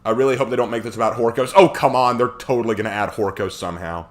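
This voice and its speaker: A man's voice: medium pitch, quick pace. A man live streaming who chats casually with viewers, reads their comments aloud and jokes around. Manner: animated, joking.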